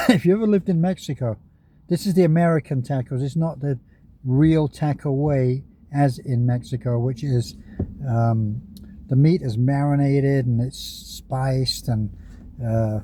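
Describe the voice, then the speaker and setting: A man's voice: mid-range voice, a little slow, warm tone, slight background noise. A man in a parked car giving casual, rambling commentary on other YouTubers, chatty and often chuckling.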